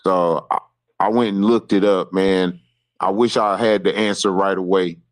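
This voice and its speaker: A man's voice: low-pitched, steady tone, moderate pace. A man on a call-in show who stammers while trying to break into a heated argument, with bursts of insults. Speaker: call-in participant.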